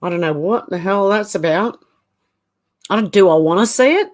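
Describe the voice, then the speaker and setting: A woman's voice: medium pitch, animated, moderate pace. Chatty Australian woman greeting viewers. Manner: chatty, greets viewers by name with a bright lilting "how you going". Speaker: livestream host. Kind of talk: casual chat reading out viewer comments. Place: home room, indoors.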